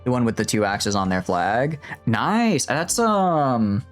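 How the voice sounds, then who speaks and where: A man chats through a strategy game in a loose, rambling way, often poking fun at himself. His voice is mid-pitched and lively, swinging up and down a lot. Faint game music plays underneath. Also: slow. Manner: animated, rambling, self-mocking. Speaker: streamer. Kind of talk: casual gameplay commentary.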